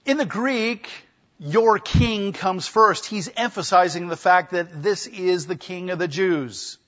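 A man's voice: sits high, slow, a bit bright, dull audio. A man preaching an expository sermon, emphatic, acting out the quoted speech of people in the story. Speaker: pastor.

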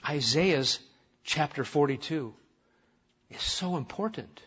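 A husky-voiced pastor delivers his sermon with fervor, hammering his points and then sinking into soft, close prayer. His voice sits a little high, and the church recording is muffled and lo-fi. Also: expressive, slow. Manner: impassioned, swinging from loud emphasis to hushed, intimate prayer.

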